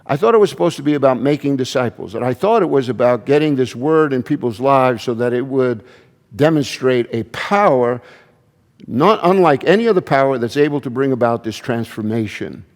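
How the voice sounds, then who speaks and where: A man's voice: mid-range voice, lively intonation, brisk, long reverb tail. A man preaching a sermon as pastor, in a conversational style with frequent restarts and asides. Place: church.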